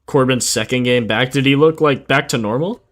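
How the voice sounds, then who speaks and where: Medium-pitched and a bit bright, his voice moves at normal speed. He's a sleepy, just-awake host of a sports betting stream, casually chatting with slang, going over stats out loud and responding to viewers' messages.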